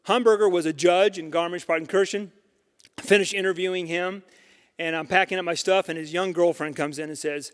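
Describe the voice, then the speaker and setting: A man's voice: a little high, brisk, clean tone. A man giving a storytelling lecture as a guest speaker, animatedly acting out the dialogue of the people in his stories. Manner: animated, acts out quoted dialogue. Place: synagogue hall. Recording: hall reverb.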